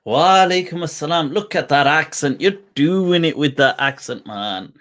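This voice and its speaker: A man hosting a casual live-stream chat, relaxed and drawn out, with laughs between phrases. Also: a little high, normal speed. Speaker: host.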